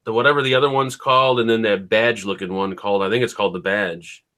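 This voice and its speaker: A man's voice: lowish voice, steady tone, quick pace, fairly bright tone. A man co-hosting a live vaping show, explaining gear and community news in an easygoing, matter-of-fact way. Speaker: co-host who reviews vape gear. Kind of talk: casual live-stream chat.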